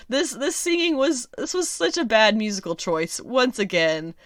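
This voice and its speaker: A woman hosting a casual solo review podcast, chatty and sarcastic, laughing often and filling pauses with ums. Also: fairly high pitch, sing-song, dry recording, studio quality. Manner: chatty, lots of ums and restarts. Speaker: podcast host.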